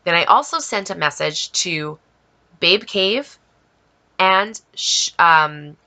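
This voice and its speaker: A woman vlogger telling a story in a lively way, acting out both sides of a conversation with an exasperated edge. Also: on the low side, takes it slowly. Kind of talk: storytelling vlog.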